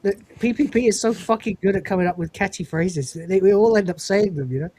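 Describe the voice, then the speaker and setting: A man's voice: sits high, darkish tone, dry recording. A British man hosting a live panel stream, mocking and swearing freely, laughing often. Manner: profane, mocking, quick to laugh. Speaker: livestream host. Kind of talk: casual panel chat.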